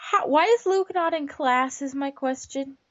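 A woman's voice: high-pitched, normal speed. A woman co-hosting a podcast, chatting casually with wry questions and asides. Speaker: podcast co-host. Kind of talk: casual chat. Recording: dull lo-fi recording.

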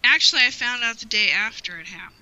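Woman guest, very bright voice, heartfelt and rambling, emotional storyteller. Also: a little high, lively intonation, quick pace, dull audio. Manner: heartfelt, rambling with frequent "you know". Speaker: guest, longtime fan. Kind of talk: personal storytelling in an interview.

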